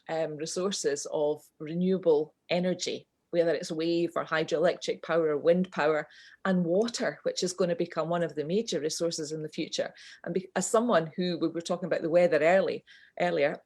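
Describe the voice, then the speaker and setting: Woman, lower voice, passionate, cracks jokes, video call. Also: a little mellow. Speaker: podcast guest. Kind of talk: casual video-call chat.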